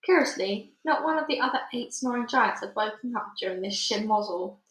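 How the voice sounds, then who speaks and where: A woman reading a children's book aloud with lively, dramatic storytelling. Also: a little high, fairly quick. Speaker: storybook reader. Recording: roomy echo.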